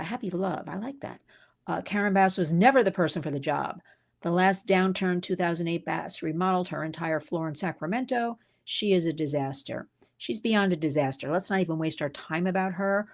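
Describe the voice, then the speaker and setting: A woman hosting an unscripted livestream, talking emphatically and with indignation and reading out viewers' comments. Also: fairly low pitch. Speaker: livestream host. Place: New York City.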